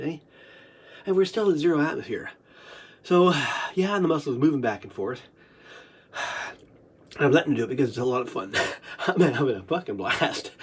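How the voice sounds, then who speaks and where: A man's voice: fairly high pitch, a bit bright, breathy edge. A stuffed-up, short-of-breath man talking alone, breaking into laughing fits and coughing and swearing freely. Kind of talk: rambling solo monologue. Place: kitchen.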